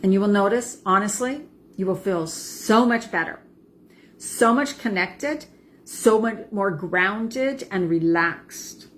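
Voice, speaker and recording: A woman in her forties, a wellness coach, calmly guiding a tapping practice and checking in with "right?" and "okay?". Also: medium pitch, takes it slowly, a little hiss or hum. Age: 40s. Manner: soothing affirmations with frequent "right?" and "okay?". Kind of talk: guided self-help demonstration.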